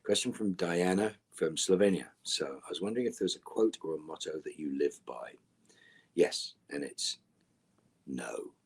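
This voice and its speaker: Deep husky guy reading out fan questions, laid back, trails off quiet. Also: normal speed. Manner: relaxed, drifts into a low near-whisper at line ends. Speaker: actor answering fan questions.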